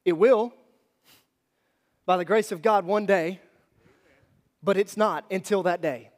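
A man's voice: sits high, slow. Man preaching in a reverberant hall. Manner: conversational, animated storytelling with asides to the congregation. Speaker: pastor. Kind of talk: sermon with personal story. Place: church hall.

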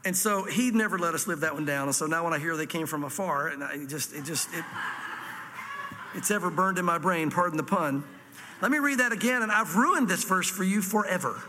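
A man's voice: a little high, lively intonation, brisk, bright, forceful tone, long reverb tail, a little hiss or hum. A man from Virginia with a Southern accent, a pastor teaching a sermon through scripture with folksy asides. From Virginia, USA. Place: church hall before a congregation.

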